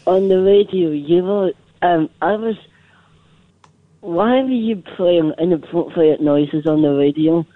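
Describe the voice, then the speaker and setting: A man with a Scottish accent calling in to a radio show, speaking hesitantly and haltingly. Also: sits high, no echo. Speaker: caller. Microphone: phone. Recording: tinny phone line.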